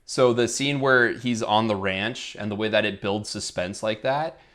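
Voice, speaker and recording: Male co-host, lowish voice, jokey and upbeat film chat. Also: fairly bright tone. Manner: jokey, quick to laugh, enthusiastic. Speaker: podcast co-host. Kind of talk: casual movie review chat.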